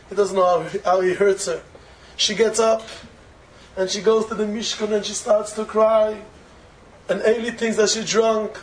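A man's voice: high voice, flat delivery, normal speed, a little hiss or hum, poor audio. A man giving a storytelling Torah lecture who explains as he goes, repeats key phrases and asks rhetorical questions. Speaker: Torah teacher.

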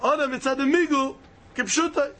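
High bright guy teaching talmud, argues both sides, repeats himself a lot. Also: steady tone, moderate pace. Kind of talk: Talmud study lesson.

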